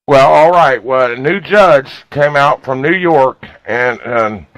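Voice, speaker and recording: A man's voice: mid-range voice, takes it slowly, a bit bright, no room sound, low-quality recording. A man hosting a talk radio show, folksy and fired up, with a lot of filler words. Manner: folksy, fired-up, keeps saying "you guys".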